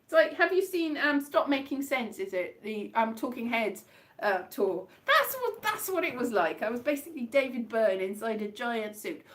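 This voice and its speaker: High-voiced woman, rambling chat. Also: sing-song, moderate pace. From Wales. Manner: rambling, chatty, jumps between tangents. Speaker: comedian live-streaming to viewers. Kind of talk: casual live-stream chat. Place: indoors at home.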